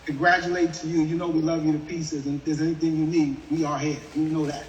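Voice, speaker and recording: A man hosting a group call who speaks in a warm, conversational way full of fillers. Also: fairly high pitch, level tone, fast, roomy sound, big-room sound, recorded from a distance, muffled recording, a little hiss or hum. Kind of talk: casual supportive chat.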